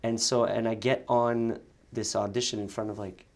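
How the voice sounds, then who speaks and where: A man's voice: fairly low pitch, level tone, moderate pace. A young man from Montreal, an actor and sketch comedian, chatting in an interview, laughing often and restarting his sentences. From Montreal, Canada. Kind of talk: casual interview chat.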